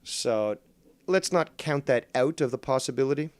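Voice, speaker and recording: A man hosting a casual call-in livestream, rambling and sarcastic, cursing at his software. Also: mid-range voice, animated, moderate pace, no room sound. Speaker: livestream host.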